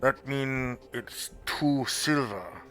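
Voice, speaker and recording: A man's voice: medium pitch, animated, drawn-out words, pushed and bright, heavily acted. A man voicing a fussy old male sake merchant who speaks in short, clipped phrases. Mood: curt. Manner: curt, clipped shopkeeper phrasing.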